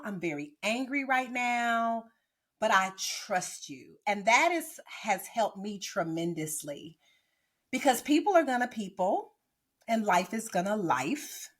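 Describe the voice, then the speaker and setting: A woman podcast host and pastor giving earnest, exhorting encouragement, often checking in with "right?". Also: lowish voice. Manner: preachy, exhorting, frequent "right?". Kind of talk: encouraging ministry podcast talk. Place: boardroom.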